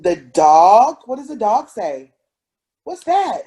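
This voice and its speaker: A woman's voice: fairly high pitch, very animated, takes it slowly, mellow, husky. A mother playing with her toddler over a picture book, sing-song and making animal noises. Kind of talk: playful talk with a toddler.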